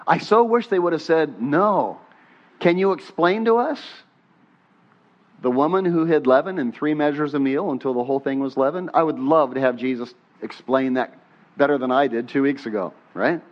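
A man preaching a sermon as pastor, talking with the congregation and having them say lines back to him, his voice rising on questions and dropping soft on prayers. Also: mid-range voice, brisk. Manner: conversational, asks the congregation to repeat lines. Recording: dull muffled sermon recording.

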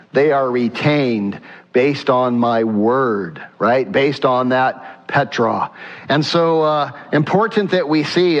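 Earnest preacher man in a reverberant hall. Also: medium pitch. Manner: earnest preaching, reads scripture aloud, rhetorical questions. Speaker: pastor. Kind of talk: sermon. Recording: dull sound in a reverberant hall.

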